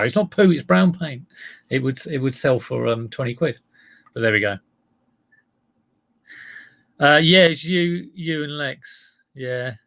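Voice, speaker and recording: A man hosting a casual live stream about his online resale listings, talking in a deadpan, joking way. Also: medium pitch, creaky. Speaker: livestream host.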